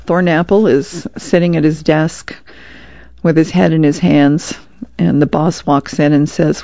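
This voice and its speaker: A woman volunteer reader talks through newspaper comic strips in a chatty, easy way. Her voice is low, dark and gravelly. The recording is dry, with a dull lo-fi radio sound. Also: little pitch movement, a little slow, no echo. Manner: chatty, with small laughs. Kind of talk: reading comics aloud on radio.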